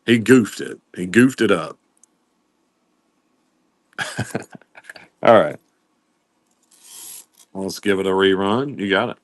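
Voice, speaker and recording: Male live-sale host, low voice, easygoing patter greeting viewers, dry close sound. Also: slow pace, long pauses, dry recording. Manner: welcomes viewers by name while listing items. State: coughing now and then. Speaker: livestream seller host.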